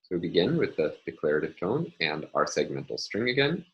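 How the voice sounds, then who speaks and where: Man, very low voice, measured lecture delivery, pauses with uhs. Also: very animated, highs cut off. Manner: measured, explanatory, frequent filler uhs. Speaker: linguistics lecturer. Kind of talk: recorded lecture.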